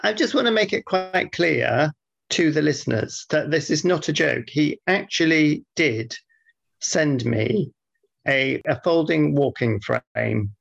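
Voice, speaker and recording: A man co-hosting a podcast, dry and deadpan, grumbling in casual banter. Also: a little high, slow pace, creaky, breathy edge, muffled recording. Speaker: podcast co-host.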